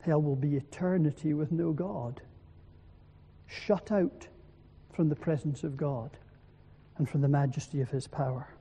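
A man preaching an evening sermon in a church, slow and solemn, using emphatic repetition. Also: on the high side, dark tone, husky, big-room sound.

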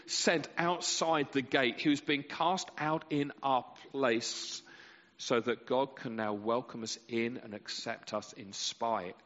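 A man preaching a sermon with passion, letting his voice swell loud and sink to a near hush. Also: fairly even intonation, slow. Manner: impassioned, with sweeping rises and drops in pitch and volume. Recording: muffled sound with a long reverb in a large hall.

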